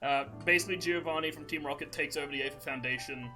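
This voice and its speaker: A man's voice: on the high side, steady tone, quick pace, over music, low-quality recording. A young man hosting a podcast, rambling through a profane, laughing story in casual chat. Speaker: podcast host.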